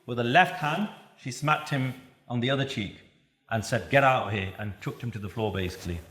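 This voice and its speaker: A man giving a religious talk at a youth camp, telling stories in an animated way and chanting verses. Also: mid-range voice, a little fast, roomy sound. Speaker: Sikh preacher.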